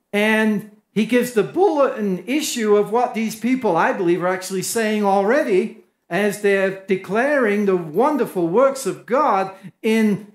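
An English-accented man preaches an evening sermon, his voice sitting high. He leans emphatic, climbing higher when he voices the crowd. The sound rings around a roomy church hall. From England. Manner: emphatic, rises in pitch for quoted crowds. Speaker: pastor. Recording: echoey church room.

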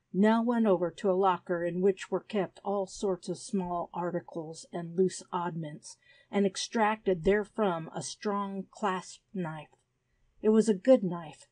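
A woman narrating a classic adventure story in an even, measured reading voice on a close mic. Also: mid-range voice, no echo. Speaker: audiobook narrator.

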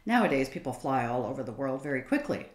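A woman reading aloud voices a quiet, thoughtful young girl in a storybook. The voice stays low and earnest but moves freely. A roomy echo hangs around it. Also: big pitch swings, fast.

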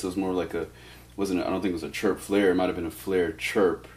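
A deep-voiced man teaches turntable scratching in a loose, casual way, walking through each step and dropping in "all right" as he goes. Faint clicking sounds sit behind his voice. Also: quick pace, noisy background. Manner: relaxed, explains step by step with many "all right"s. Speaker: DJ scratch instructor. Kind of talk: casual instructional demo.

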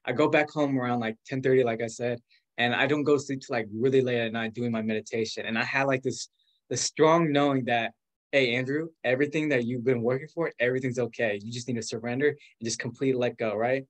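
Quick and animated, this mid-pitched guest in his twenties chats his way through a casual story. Filler words, especially "like," are everywhere, and he performs the quoted voices.

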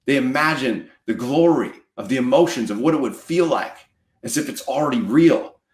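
A man's voice: mid-range voice, expressive, normal speed, a little mellow, echoey room. A man giving a motivational talk as a coach, emphatic and preachy, repeating lines for effect. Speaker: mortgage marketing coach.

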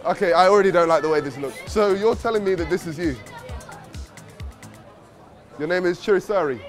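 A British man hosting a prank vlog outdoors, loud, hyped and playfully teasing. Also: sits high, a little fast. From United Kingdom. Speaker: host. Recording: street crowd and music behind.

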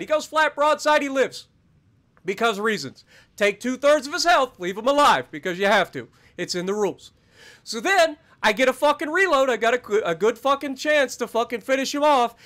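A man's voice: very high voice, animated, a little fast, bright, forceful tone. A man streaming a naval battle game live, ranting with heavy swearing and dry sarcasm about his bad luck. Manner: profane, exasperated ranting with sarcasm. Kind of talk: live gameplay commentary.

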